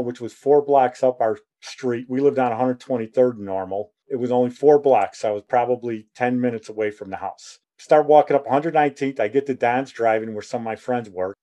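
A man's voice: medium pitch, mellow. A man in his sixties telling a rambling personal story, acting out the dialogue as he goes.

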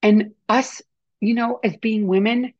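A woman's voice: on the high side, steady tone, measured pace, no room sound, lo-fi sound. A middle-aged woman hosting a podcast, talking earnestly and encouragingly in a rambling motivational monologue. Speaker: podcast host.

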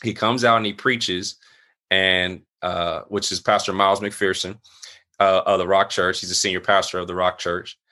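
A middle-aged man, a pastor, telling a personal story in casual conversation, full of fillers and acting out other people's lines in a raised voice. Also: normal speed. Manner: animated, acts out quoted voices at higher pitch.

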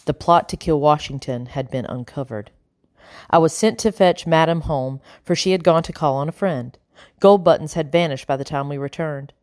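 Low-voiced woman narrating an audiobook. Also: moderate pace, a little mellow, no room sound, studio quality. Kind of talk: scripted narration.

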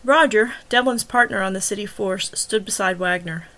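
A woman narrates her own serialized novel, chapter by chapter, at a measured and even pace. Her voice sits at a middle pitch for a woman and stays steady through the narration. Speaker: author and audiobook narrator.

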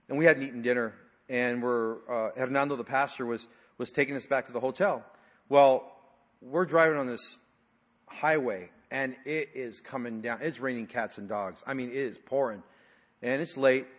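A man's voice: medium pitch, normal speed. Man preaching in a reverberant hall. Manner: conversational storytelling with frequent fillers, dropping to hushed tones. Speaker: pastor. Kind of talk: sermon. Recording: long reverb of a large hall.

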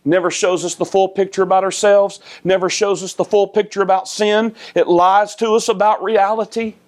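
A male pastor preaching a sermon. His voice climbs high and loud for emphasis, then sinks low and soft. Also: level tone, moderate pace.

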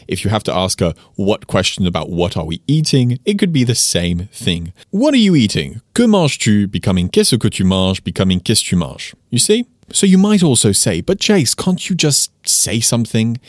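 A man hosting a casual lesson podcast, explaining phrases and saying examples slowly and clearly. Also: lowish voice, no room sound, clean studio sound. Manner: lively, explains with slowed-down French examples. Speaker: French teacher, podcast host.

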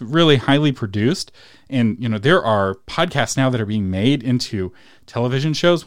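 A man's voice: mid-range voice, no room sound, studio quality. A man hosting a solo instructional podcast, talking casually and chatting with small laughs between points. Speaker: podcast host.

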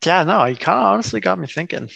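A man's voice: sits high, lively intonation, fast, vocal fry, a bit bright, breathy edge, no room sound, muffled recording. A man, co-hosting a casual sports podcast, loose and joking. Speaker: podcast co-host. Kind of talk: casual chat.

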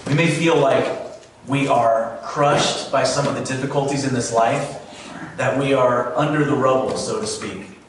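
A pastor delivering a sermon in a relaxed, earnest storytelling manner, with the odd "um" and "uh." His voice rings through a very reverberant church hall. He stands at a distance from the mic, with faint room noise underneath. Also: mid-range voice, unhurried. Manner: conversational, earnest, fillers. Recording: very echoey room, mic far off.

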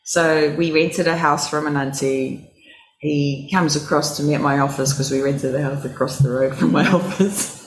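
Animated woman, roomy echo. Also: normal speed, slight background noise. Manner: animated storyteller, acts out quoted voices with big pitch jumps. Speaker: host. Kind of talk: storytelling in a casual interview.

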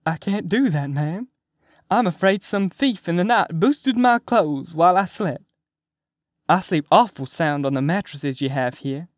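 A cocky male patient who booms out and teases, his voice pitched up and loud, as a man reading an audiobook puts him on. He sings and whines in a mock-pitiful way. The reading is dry and close. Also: lively intonation, a little slow, dry recording. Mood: mock-innocent. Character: brash rowdy male patient, cocky and teasing.

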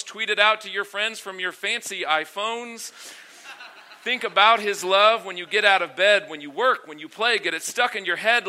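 Bright, animated preacher man. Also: fairly high pitch. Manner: animated, sing-song reading of verse. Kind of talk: sermon with a rhyming poem.

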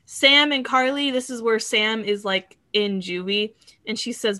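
A woman's voice: fairly high pitch, steady tone, pushed and bright, no echo. A woman in casual chat who reads out funny quotes from a TV show and laughs often. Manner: laughs often, reads lines in quick bursts.

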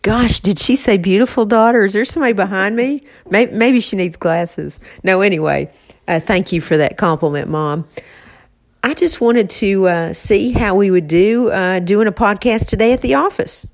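A woman's voice: medium pitch, normal speed. A woman co-hosting a podcast from an office, chatting with her mother in an affectionate, emotional way and teasing her now and then. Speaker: podcast co-host. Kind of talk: casual heartfelt chat.

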